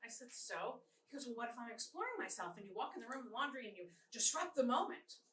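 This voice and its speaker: A woman's voice: on the high side, lively intonation, fast talker, very noisy. A woman in her fifties performing a stand-up comedy set at a live show, telling stories animatedly with restarts and punchy endings. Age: 50s. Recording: roomy live room, mic from a distance. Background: audience laughter.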